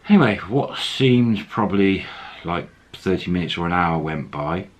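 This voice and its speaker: A man's voice: low voice, animated, moderate pace. A man telling a story casually, rambling with fillers.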